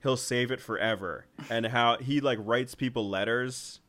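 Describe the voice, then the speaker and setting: A young man co-hosting a movie podcast in casual chat, rambling with many fillers and acting out scenes in quick voices. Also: mid-range voice, a bit bright. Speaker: podcast co-host.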